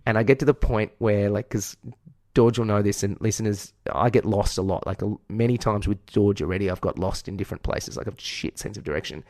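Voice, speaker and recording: A man's voice: lowish voice, fairly even intonation, a little fast, a little mellow, no echo, studio quality. A man with an Australian accent, co-hosting a podcast and telling a long story in a candid, profane, self-deprecating way. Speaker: podcast co-host. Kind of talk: casual chat, storytelling.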